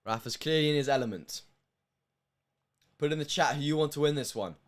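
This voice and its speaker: Young man, from the UK, live stream commentary, emotional, hushed then bursting loud. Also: fairly high pitch, fairly quick. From United Kingdom.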